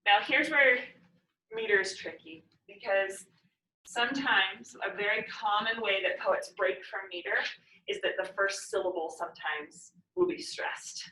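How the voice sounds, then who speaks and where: Bright-voiced woman teaching in echoey room. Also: mid-range voice. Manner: patient, repeats definitions slowly. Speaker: poetry teacher. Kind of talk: classroom lesson. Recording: echoey room, mic far off.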